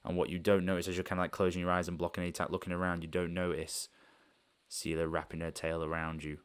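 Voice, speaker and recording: Low-voiced man narrating a tabletop game. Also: level tone, fast talker, clean tone. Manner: rambling, loose, with many fillers. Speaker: game master.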